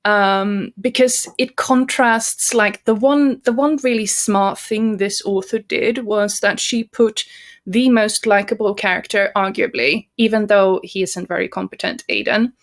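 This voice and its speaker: A woman's voice: mid-range voice, fairly even intonation, a little slow. Chatty woman discussing a book. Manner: chatty, laughs often, many restarts. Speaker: podcast co-host.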